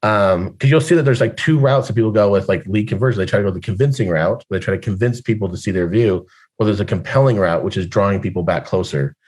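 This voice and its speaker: A man's voice: fairly low pitch, fast, darkish tone, breathy edge. A man talking as a guest on a video call panel, chatty and filler-heavy as he tells stories. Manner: chatty, filler-heavy storyteller, laughs often. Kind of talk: casual panel chat.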